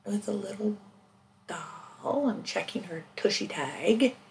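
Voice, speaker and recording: A woman's voice: mid-range voice, a little slow, gravelly, slight background noise. A middle-aged woman narrating her thrift finds in a casual, chatty way, often dropping into a whisper. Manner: chatty, excitable, drops to whispers. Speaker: thrift reseller vlogger. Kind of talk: casual narrated haul vlog.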